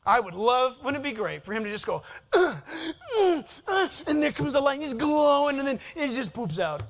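Male pastor, high voice, animated preaching, questions and answers with the congregation. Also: fast, gravelly. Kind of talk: sermon.

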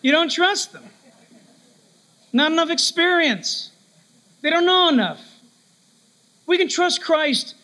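Brief: male preacher, very high voice, animated sermon storyteller, calls out key words. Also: slow pace, long pauses, poor audio.

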